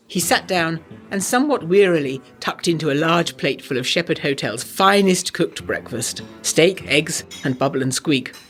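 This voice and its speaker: A prim young lady scholar voiced by a woman reads out her own letter in a brisk, proper manner. Her pitch moves about a great deal, and faint music plays under the narration. It is the narration of an audio drama.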